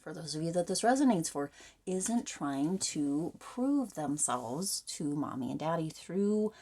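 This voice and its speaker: A woman with a slightly low voice talks straight to the camera through a tarot reading. She is frank and rambling, and her sentences are full of fillers and restarts. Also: expressive, measured pace, warm tone. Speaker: tarot reader.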